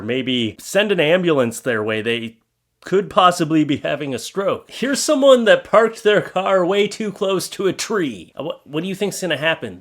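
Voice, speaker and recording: A man's voice: on the high side, a bit bright. A man hosting a comedic reaction video, reacting to pictures and clips with joking, sarcastic asides. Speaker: YouTube host.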